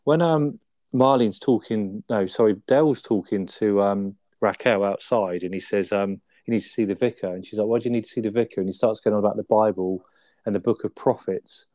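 A podcast co-host with a lowish, dark-toned voice chats casually at a moderate pace, with no echo. Reviewing a sitcom episode, he laughs while retelling scenes and tags questions onto the end.

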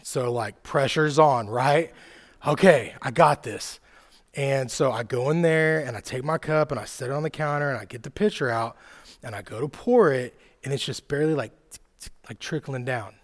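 A man in his thirties preaching a sermon to a live church audience, telling personal stories casually with lots of "like" and "right?", dropping soft and quiet then rising loud and excited. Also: mid-range voice, moderate pace. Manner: conversational storytelling, fillers like "like" and "right?". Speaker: youth pastor.

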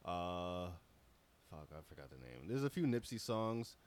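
A man with a somewhat low voice in a casual podcast chat. He talks laid-back and slangy, swearing freely. He often pauses on fillers while he searches for words. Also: very animated, smooth. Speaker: podcast co-host.

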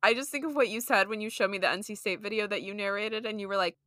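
A woman's voice: medium pitch, fast talker, few pauses, sharp tone, no room sound, studio quality. A young woman co-hosting a podcast, teasing her co-host and laughing often in casual banter.

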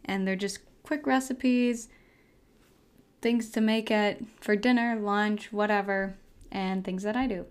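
A young woman talks through health habits at home in a loose, rambling way. She fills her sentences with "like" and "um" and laughs often. Her voice is smooth and clear, at an average pitch. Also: steady tone, slow pace. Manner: chatty, rambling, laughs often, many fillers. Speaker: podcast host. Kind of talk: casual solo health chat. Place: house, indoors.

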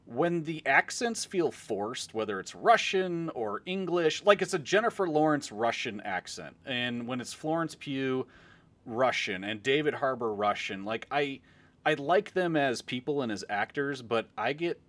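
Animated man ranting on a podcast. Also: medium pitch, measured pace. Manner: ranting, animated, swears casually. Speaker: podcast co-host. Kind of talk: casual chat.

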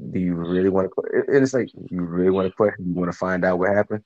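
A man's voice: low voice, fairly even intonation, fast talker, darkish tone. A man co-hosting a casual faith talk, musing aloud in rhetorical questions. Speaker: co-host. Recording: dull lo-fi sound.

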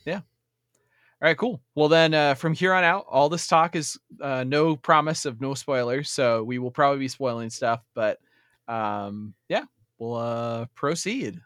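A man's voice: mid-range voice, measured pace, a bit bright, clear, resonant tone, no echo, studio quality. A man co-hosting a casual movie review chat, laid-back and joking, trailing off with fillers. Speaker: podcast co-host.

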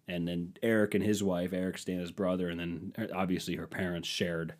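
A podcast host with a low, flat, brisk voice tells stories on his own show. He's a profane, sarcastic storyteller who rants.

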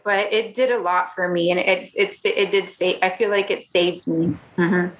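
A woman in her thirties speaking candidly as a podcast guest, earnest and halting, with many restarts, growing emotional about her story. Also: on the low side, fairly even intonation. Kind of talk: candid conversational interview. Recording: echoey room, faint background noise.

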